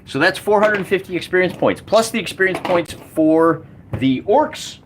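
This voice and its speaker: Guy narrating his solo tabletop game, rambly and excited, voice bouncing all over, faint hiss in the background. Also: sits high, normal speed. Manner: enthusiastic, rambling with restarts. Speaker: solo wargamer running a game. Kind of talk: casual game commentary.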